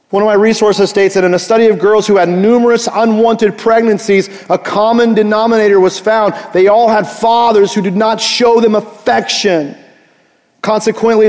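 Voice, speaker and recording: A man preaching a Father's Day sermon as pastor, animated and jokey, swinging from loud to soft. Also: sits high, in a large hall.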